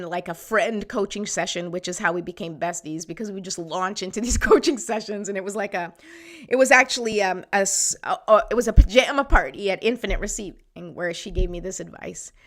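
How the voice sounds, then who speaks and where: A woman host giving a casual motivational talk to viewers, chatty and encouraging, often checking in with "right?", her voice sometimes thinning out. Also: medium pitch. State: voice sometimes gives out.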